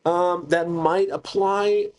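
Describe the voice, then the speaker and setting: A man's voice: high voice, level tone, takes it slowly. A man narrating a solo tabletop game, thinking aloud hesitantly with many restarts.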